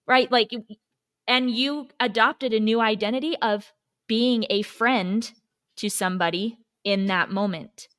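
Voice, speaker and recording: A woman's voice: a little high, a little slow, a bit bright. A woman co-hosting a podcast, telling stories in an earnest, motivational way. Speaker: podcast co-host. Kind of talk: casual chat.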